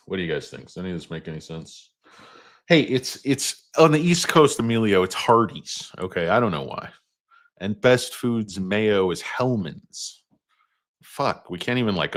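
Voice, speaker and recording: A man's voice: low voice, lively intonation, normal speed, a bit bright. A man hosting a casual stock market livestream, rambling between topics with crude jokes. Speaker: stock market show host.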